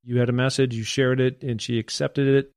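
A man's voice: medium pitch, level tone, brisk, darkish tone. A middle-aged man hosts a conversational interview. He affirms his guest and leads with questions. His voice sounds dry and close, with no room echo. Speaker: interview host, former NFL player.

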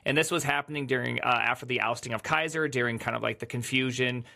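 A man co-hosting a casual panel chat, telling a long, excitable, rambling story. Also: mid-range voice, quick pace, gravelly. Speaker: podcast co-host.

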